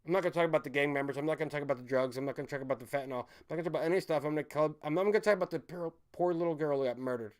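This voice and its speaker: A man hosting a live stream, ranting in a heated, profane way that swings between shouting and muttering. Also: fairly high pitch, very fast, hardly any pauses.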